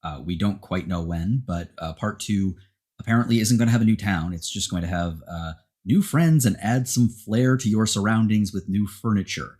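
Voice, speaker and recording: Husky low-voiced man hosting a podcast. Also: normal speed, darkish tone. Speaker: podcast host. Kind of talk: casual podcast chat, asking questions.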